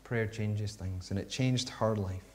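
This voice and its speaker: Man preaching with expressive storytelling. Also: lowish voice, measured pace. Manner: expressive storytelling, swinging between hushed and emphatic. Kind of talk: sermon with a read-aloud story.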